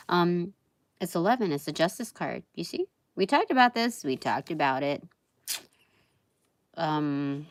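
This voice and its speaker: A woman reading tarot cards on a live stream, talking in a meandering, halting way full of fillers, with soft laughs between thoughts. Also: deep voice, expressive, no echo. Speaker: tarot reader.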